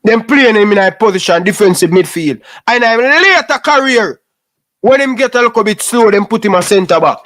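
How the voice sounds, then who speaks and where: A man's voice: sits high, lively intonation, normal speed, fairly bright tone. A Jamaican man giving an impassioned, preachy rant in patois, scolding young footballers and repeating his points.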